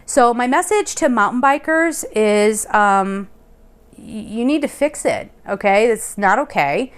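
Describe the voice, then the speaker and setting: A young adult woman vlogging, telling a rambling personal story in a chatty, animated way and laughing now and then. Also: a little high, unhurried, clean tone. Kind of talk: casual storytelling. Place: Colorado Springs.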